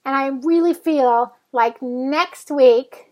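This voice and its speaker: A woman's voice: sits high, takes it slowly. A woman vlogging in a chatty, rambling, self-mocking way while dealing with back pain. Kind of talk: casual storytelling vlog.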